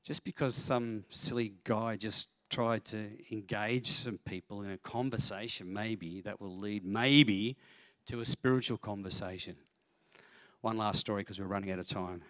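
A middle-aged man, a pastor telling lively, self-mocking stories in a sermon. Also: fairly low pitch, a little slow, dry recording, clean studio sound. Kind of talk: storytelling sermon.

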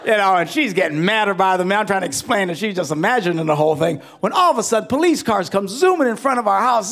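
Animated gravelly-voiced preacher man. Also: very high voice, fast, few pauses. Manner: animated comic storyteller, swinging between loud and hushed. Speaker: pastor. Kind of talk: humorous storytelling sermon.

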